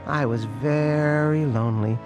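A man reading a storybook aloud, voicing a lonely young male puppy who tells his own story in a gentle, lively way. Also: fairly high pitch, measured pace, close to an everyday voice. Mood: warm storytelling. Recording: loud music playing behind.

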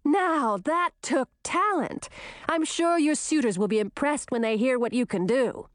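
Casting: woman voicing a sly, teasing young princess, bright and lively. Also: on the high side, measured pace, no echo, voice pushed up. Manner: dry, teasing. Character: teasing, quick-witted younger princess, girl.

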